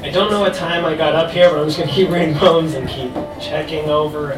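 A young American man performing his poems live on stage, joking shyly between slow, deliberate readings. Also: a little high, steady tone. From United States. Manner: self-deprecating, halting asides between slow deliberate poems. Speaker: poet. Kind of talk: live spoken word poetry reading. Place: stage in a live venue with an audience. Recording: roomy live sound from a distance, music behind.

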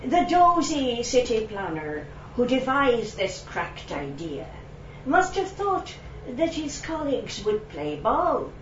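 A woman's voice: fairly high pitch, sing-song, takes it slowly, slight background noise. A woman reading a comic rhyming poem in a Belfast accent, with a playful, lilting delivery. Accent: Belfast (put on). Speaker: open-mic poet. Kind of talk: humorous poetry reading. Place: echoey venue, live event. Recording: echoey room, distant, dull sound.

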